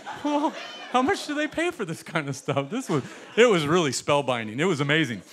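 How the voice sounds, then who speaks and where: Lively, chuckling storytelling pastor man. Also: a little high, brisk, some chatter behind. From United States. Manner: animated, chuckling storyteller acting out quotes. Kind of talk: storytelling sermon. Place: church sanctuary.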